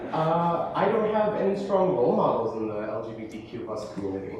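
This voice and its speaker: Speaking a little fast in a medium-pitched, slightly mellow voice, a young man in his late teens presents to a crowd in a large hall or classroom. He pokes fun at himself, stammering and starting over often. The distant, echoey recording has a little hiss or hum.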